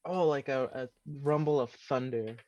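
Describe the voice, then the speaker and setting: A man's voice: medium pitch, moderate pace, no room sound. A man playing a tabletop game, asking about the rules and thinking aloud. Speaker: player. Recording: dull lo-fi mic.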